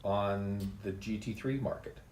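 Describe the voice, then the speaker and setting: A middle-aged man hosting a casual podcast, joking and halting with fillers. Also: lowish voice, darkish tone, echoey room. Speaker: podcast host. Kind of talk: casual chat.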